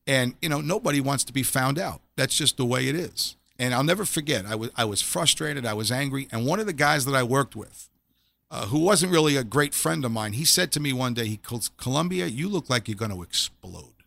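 A man's voice: mid-range voice, fairly quick, vocal fry, a bit bright. A middle-aged man, a former police officer, giving an earnest personal faith testimony in an interview, often repeating phrases as his feelings rise. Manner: earnest, repeats phrases when he gets emotional.

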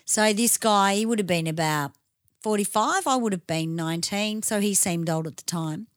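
Brief: Australian female podcast co-host, mid pitch, blunt sweary storyteller, dry close mic. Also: normal speed, no echo. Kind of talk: casual storytelling chat.

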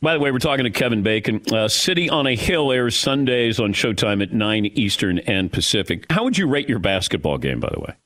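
A man's voice: mid-range voice, very animated, brisk, few pauses, a bit bright. A man hosting a sports talk show, interviewing a guest with brief prompting questions. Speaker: radio host.

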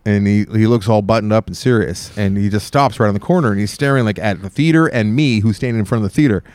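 A man telling a long story in casual podcast chat, animated and rambling. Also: fairly low pitch, quick pace, dry recording. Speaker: podcast host.

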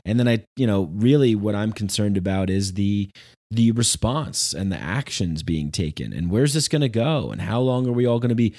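A man hosting a podcast, talking in a loose, rambling monologue that turns sarcastic and animated. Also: on the low side, normal speed. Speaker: podcast host.

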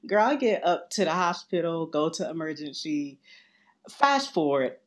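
A woman telling a personal story as a guest, lively and laughing often, acting out what others said. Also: low-pitched, normal speed. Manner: animated, laughs often, acts out quoted voices. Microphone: remote call.

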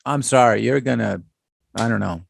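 A man's voice: medium pitch, normal speed, creaky, slightly rough, dry recording. A man, co-hosting a casual podcast, emphatic and slipping into Spanish. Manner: emphatic, code-switches into Spanish. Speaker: podcast co-host. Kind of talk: casual chat.

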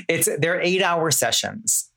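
Gravelly-voiced man explaining plainly. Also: high voice, pushed and bright. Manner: explanatory, self-correcting. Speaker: clinical trial participant. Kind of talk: casual podcast conversation.

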